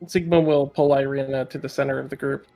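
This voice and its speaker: A man's voice: medium pitch, level tone, quick pace, vocal fry, mellow, soft background music. A man playing in a tabletop game, talking casually with lots of "like" and "literally". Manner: casual, filler-heavy, repeats "like" and "literally".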